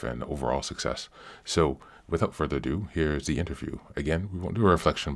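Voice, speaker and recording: Male podcast host, very low voice, steady read-through of show announcements. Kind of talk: scripted podcast announcements and intro.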